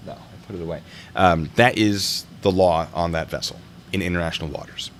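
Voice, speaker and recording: A man's voice: low-pitched, fairly quick, slight background noise. A man hosting a video review show, talking casually and wandering into jokey tangents. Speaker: host reviewing traffic stop videos.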